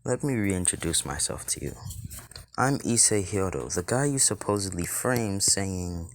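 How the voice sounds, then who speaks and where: A man voicing a calm, smugly overpowered young man who talks down to his enemies in a cool, dismissive tone. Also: sits low, a little slow, no room sound.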